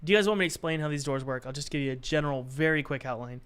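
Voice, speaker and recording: A man's voice: a little high, very fast, a bit bright, clean tone. A young man chatting casually on a live stream, joking and thinking aloud while he works on his game.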